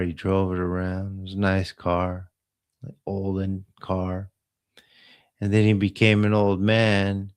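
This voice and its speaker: Slow, low-voiced man rambling through a story. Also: clean tone. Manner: slow, meandering retelling with trailing asides. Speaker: host of a live healing stream.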